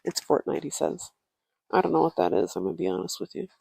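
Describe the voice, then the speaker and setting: A woman's voice: fairly low pitch, sing-song, quick pace, creaky, dark tone, husky, no echo. A woman podcast co-host recording a casual travel audio diary at a relative's home on a tiny clip-on mic, talking in a playful, jokey, mock-serious way. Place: indoors at a relative's family home. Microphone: tiny clip-on influencer microphone.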